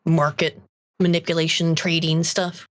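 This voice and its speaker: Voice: mid-range voice, little pitch movement, a little slow, fairly bright tone, slight background noise. A guest on a livestream chatting casually, with loose, trailing speech and offhand swearing. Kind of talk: casual chat.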